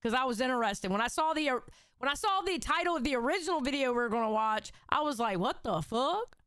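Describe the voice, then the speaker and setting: A blunt woman reacting with plenty of swearing, her voice high and bright. The sound is dry and close. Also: lively intonation, quick pace, smooth, no room sound. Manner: blunt, profane, laughing. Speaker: co-host. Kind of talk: casual reaction commentary.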